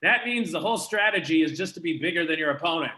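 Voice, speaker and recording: A man's voice: on the high side, animated, quick pace, sharp tone, a little hiss or hum. A young man from Canada doing a live stand-up comedy set, self-deprecating and conversational. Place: comedy venue with live audience.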